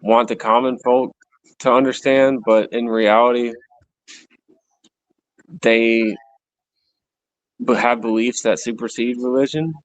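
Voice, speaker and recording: A man's voice: mid-range voice, little pitch movement, slow pace, long pauses, rough recording. A man on a podcast asking careful, hesitant questions. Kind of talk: casual podcast chat.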